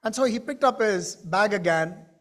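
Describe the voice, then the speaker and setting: A man telling a story to a conference audience in an animated way, with questions to the crowd. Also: high voice, moderate pace. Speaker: keynote speaker. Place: conference stage.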